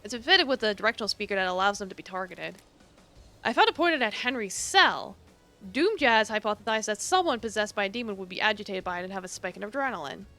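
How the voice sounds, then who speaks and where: A woman's voice: medium pitch, lively intonation, fast talker, bright, forceful tone, faint music behind. A woman streaming a game, reading its dialogue aloud and adding casual, swearing asides.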